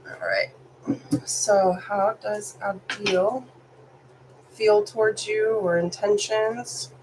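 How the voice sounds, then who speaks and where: A woman's voice: medium pitch, animated, takes it slowly, background noise. A woman who is sick, doing a live tarot reading for viewers, chatty and apologetic, reading card meanings aloud. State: sick, congested. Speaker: tarot reader.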